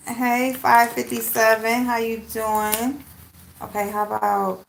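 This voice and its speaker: A woman's voice: on the high side, flat delivery, drawn-out words, vocal fry, pauses often, fairly bright tone. A woman hosting a casual live stream, chatting with viewers and greeting them by name. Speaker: livestream host. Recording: echoey room with background noise.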